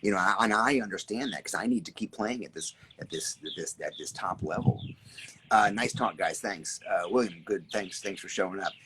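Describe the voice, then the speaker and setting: A man hosting a casual live stream outdoors, reading viewer comments, greeting people by name and talking in an animated, repetitive way with some swearing. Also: sits low, fairly quick, slight background noise. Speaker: artist and creative coach hosting a live stream. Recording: birds chirping clearly in the background.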